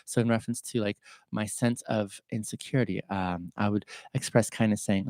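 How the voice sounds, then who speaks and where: Male podcast host, earnest and openly emotional, soft-spoken and warm-toned, dry close sound. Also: on the low side, normal speed, dry recording. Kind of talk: reflective livestream talk.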